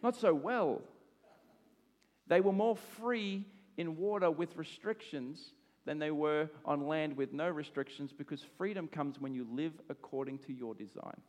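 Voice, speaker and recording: Australian male pastor, thirties, casual animated sermon delivery, slightly high voice, echoing hall. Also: unhurried. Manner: animated and conversational, with asides and laughs. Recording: long hall reverb.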